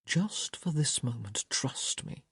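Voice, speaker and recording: A woman voicing a confident, tender young male lover, speaking in a low murmur and often in a whisper. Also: slow pace, a little mellow, husky, dry recording, clean studio sound, exaggerated voice.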